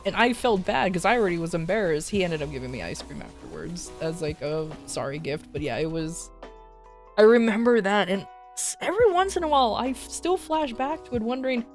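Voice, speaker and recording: A woman's voice: medium pitch, brisk. Chatty young woman streamer telling stories. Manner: animated, laughing, many fillers. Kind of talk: casual storytelling to a live chat. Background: faint background music.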